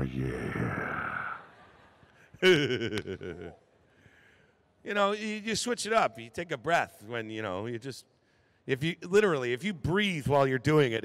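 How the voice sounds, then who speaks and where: A man chatting casually as a voice actor on a convention panel, laid-back and hesitant. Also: medium pitch. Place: large convention hall.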